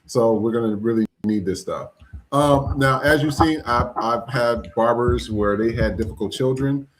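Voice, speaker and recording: A man's voice: mid-range voice, normal speed. A man hosting a podcast, talking casually and rambling with fillers as he greets viewers. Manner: relaxed, rambling with fillers and shout-outs. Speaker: podcast host.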